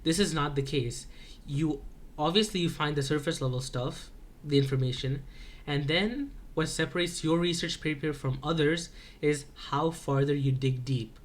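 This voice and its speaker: A man's voice: a little high, normal speed. A teenage boy recapping a school research project in a vlog, talking loosely with many fillers and restarts. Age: teens. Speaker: high school student.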